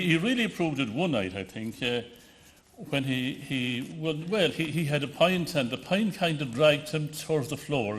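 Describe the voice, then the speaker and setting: A man's voice: on the high side, slight background noise. A man from the west of Ireland with a Connemara accent gives an anecdotal tribute speech, often restarting and hesitating as he tells his stories. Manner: storytelling with frequent restarts and hesitations. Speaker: award ceremony speaker.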